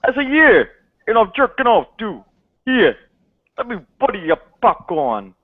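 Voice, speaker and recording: A woman voicing a swaggering, vulgar male stand-up comic, loud and crude. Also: mid-range voice, very animated, unhurried, narrow, tinny audio, voice pushed up. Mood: brash.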